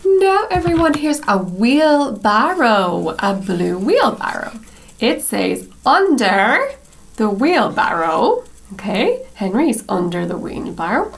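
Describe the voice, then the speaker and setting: Woman teacher reading to kids, high and very lively, encouraging. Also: vocal fry. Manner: slow, exaggerated, encouraging, speaks to the children as "everyone". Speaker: English teacher for children. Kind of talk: reading a picture book aloud to young learners.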